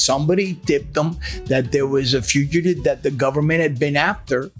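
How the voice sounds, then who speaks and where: A man's voice: a little high, moderate pace, hardly any pauses, soft background music. An older man, a former smuggler, recounting his past in an interview, acting out quotes and laughing as he talks. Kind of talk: storytelling interview.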